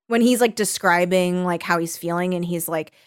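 A woman co-hosting a casual chat, animated, full of "like", and swearing freely. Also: fairly low pitch, normal speed, clean tone, dry recording, studio quality. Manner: animated, heavy use of 'like', swears.

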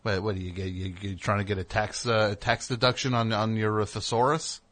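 A male talk show host riffs through a comedic monologue, rambling and sarcastic and full of fillers. His voice sits a bit low, yet it has a bright, forceful edge. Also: little pitch movement, a little fast.

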